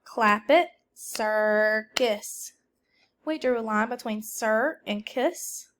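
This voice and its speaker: A woman teacher with a fairly high, slightly bright voice records a lesson for a substitute. She speaks slowly and deliberately, calling out words for the class to repeat.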